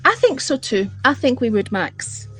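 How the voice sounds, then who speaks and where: A woman's voice: fairly high pitch, big pitch swings, moderate pace, a bit bright, slightly rough, soft background music. Sweary woman ranting on a livestream. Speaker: livestreamer chatting with viewers. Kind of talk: casual live-stream chat.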